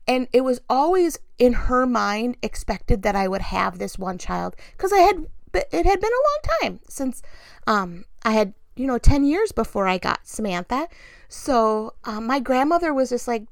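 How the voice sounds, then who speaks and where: Woman, 40s, casual storyteller, animated, acts out quotes, quick laughs, a bit of fry. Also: fairly high pitch, no room sound. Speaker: storyteller sharing family memories.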